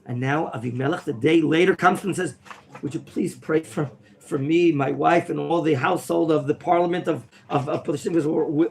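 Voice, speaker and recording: Animated gravelly rabbi teaching a class. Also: male voice, a little high, brisk, a little hiss or hum. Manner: animated, questioning the class, bursts of theatrical excitement. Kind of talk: interactive Bible lesson. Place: classroom at a yeshiva.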